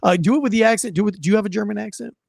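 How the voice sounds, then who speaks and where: A man's voice: sits high, rapid-fire, gravelly, a little mellow, no echo, clean studio sound. A man hosting a casual political podcast, ranting and swearing in a mocking way. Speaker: podcast host.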